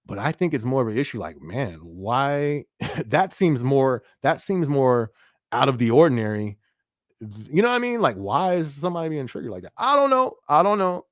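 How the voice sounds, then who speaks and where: Male live-stream host, casual and loose, mid-pitched voice, close dry mic. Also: big pitch swings, normal speed, dry recording. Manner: laid-back, laughs often, frequent fillers like "you feel me". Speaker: livestream podcast host. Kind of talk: casual live-stream chat reading viewer comments.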